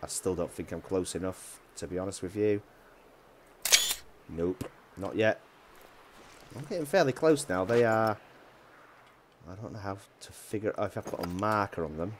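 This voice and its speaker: A man with a Yorkshire accent chatting casually while playing a hunting game, rambling with restarts and often dropping his voice low. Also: animated, normal speed, pauses often, background noise. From Yorkshire, England. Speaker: gaming YouTuber. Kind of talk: casual gameplay commentary.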